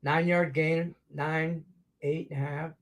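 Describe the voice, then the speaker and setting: A man hosting a live betting show, ranting profanely about the game on screen. His voice sits a bit high for a man, and he swings from loud outbursts down to low grumbles. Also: takes it slowly. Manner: profane, excitable, rants then mutters low. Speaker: sports betting show host.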